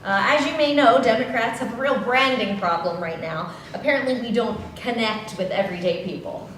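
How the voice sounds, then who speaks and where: Eager high-voiced woman, echoey room. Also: fairly quick, fairly bright tone, a little hiss or hum. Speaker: campaign consultant. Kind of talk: scripted comedy sketch. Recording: echoey room, distant mic.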